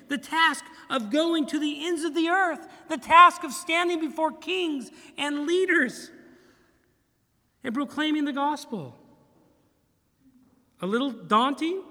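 A middle-aged man, a pastor, preaching a sermon in a church in an animated, humorous way, acting out bits of dialogue. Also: extremely high pitch, long reverb tail. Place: church sanctuary.

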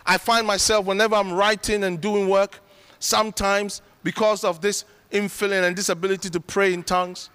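High, bright-voiced man preaching. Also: level tone, moderate pace, clear, resonant tone. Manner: earnest, conversational, emphatic. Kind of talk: sermon. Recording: long reverb of a large hall.

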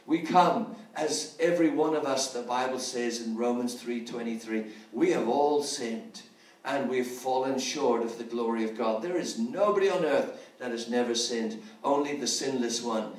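A man's voice: medium pitch, normal speed, distant mic. A man preaching an evangelistic sermon, earnest and pleading, leading listeners in prayers he speaks aloud. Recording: roomy, from off-mic.

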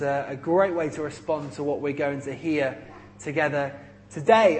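A man preaching a sermon to his congregation, emphatic and conversational, explaining scripture with everyday examples. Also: sits high.

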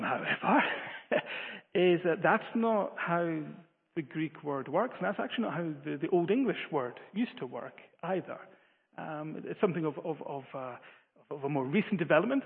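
A man's voice: a little high, animated, moderate pace, breathy edge. A man preaching a sermon with earnest, emphatic delivery and frequent stumbling restarts. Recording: phone-like, long-reverb hall.

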